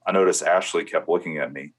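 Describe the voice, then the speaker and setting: A man who was on a church security team recounts his experiences in an interview, storytelling with halting restarts. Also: deep voice.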